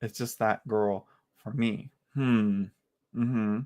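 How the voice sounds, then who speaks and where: A man's voice: fairly low pitch, steady tone, dark tone. Chatty man giving a live tarot reading. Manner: casual, chatty, halting with many restarts. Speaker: tarot reader.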